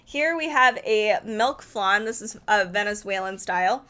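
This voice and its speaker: A woman's voice: mid-range voice, expressive, unhurried, bright, forceful tone, smooth. A woman previewing a cookbook in a casual, enthusiastic way, thinking aloud as she flips pages and correcting herself now and then. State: arm tired from holding a heavy book. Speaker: cookbook reviewer.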